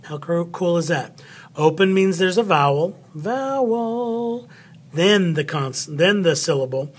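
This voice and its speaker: Slow, playful male spelling teacher. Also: high-pitched, lively intonation, slightly rough. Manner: upbeat, talks while cutting and gluing; chatty, playful asides. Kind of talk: spelling lesson walkthrough.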